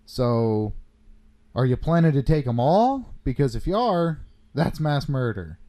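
A man talks politics in a loose, blunt rant, firing off rhetorical questions and curse words. His voice is dark and mellow, sitting at an ordinary middle pitch. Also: sing-song, measured pace. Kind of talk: casual political chat.

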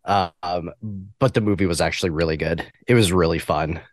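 A man's voice: low-pitched, moderate pace, dry recording, studio quality. A man co-hosting a casual podcast chat, laid-back and full of short agreeing replies. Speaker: podcast co-host.

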